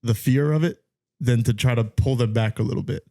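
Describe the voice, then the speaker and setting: A man's voice: mid-range voice, a little fast, creaky, warm tone. A man co-hosting a podcast, easygoing and chuckling often. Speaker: podcast co-host. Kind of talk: casual chat.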